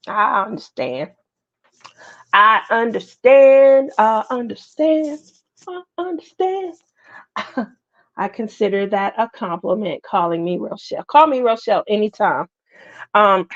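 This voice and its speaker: Middle-aged woman host, unhurried and chatty, laughs easily, greets viewers; muffled stream audio. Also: mid-range voice. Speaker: livestream host. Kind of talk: casual livestream chat. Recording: slightly muffled livestream audio.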